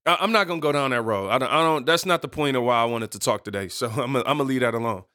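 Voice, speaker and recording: A man hosts his own podcast alone, chatting casually at a racing pace, rambling, correcting himself, and tossing in playful asides. His voice is medium in pitch with a sharp tone, recorded at studio quality with no room sound.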